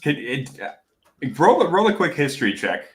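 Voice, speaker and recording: A man narrating a tabletop game as game master, in a halting, casual way, with lots of restarts. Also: a little high, very animated, echoey room, a little hiss or hum. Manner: halting, full of fillers and restarts.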